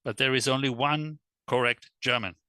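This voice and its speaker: A man speaking English as a second language in a casual interview, halting and searching for words, at times animated. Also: mid-range voice, no room sound. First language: not English. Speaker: guest, electric car world traveler.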